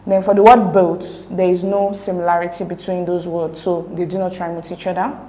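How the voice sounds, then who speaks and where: A woman tutor talking through exam answers step by step, slow and careful as she spells out sounds and options. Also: lowish voice, level tone, mellow, roomy sound, poor audio. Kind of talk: recorded exam lesson explaining answers.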